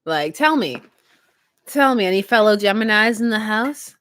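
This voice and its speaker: A young woman chatting casually with her stream viewers, giggling often and talking in an animated way. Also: mid-range voice, moderate pace, no echo. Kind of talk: casual live-stream chat.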